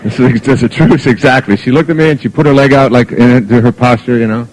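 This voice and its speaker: A man's voice: medium pitch, quick pace, poor audio. A middle-aged man giving a motivational lecture, telling humorous anecdotes about family life. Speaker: motivational speaker. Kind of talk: live lecture to an audience.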